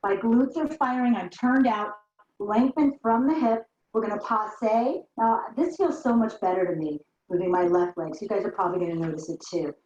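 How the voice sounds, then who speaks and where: A woman's voice: mid-range voice, moderate pace, darkish tone. A woman teaching a barre workout, counting reps and talking people through the moves while she does them herself, a little out of breath. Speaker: barre fitness instructor. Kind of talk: guided workout instruction. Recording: roomy, dull lo-fi sound.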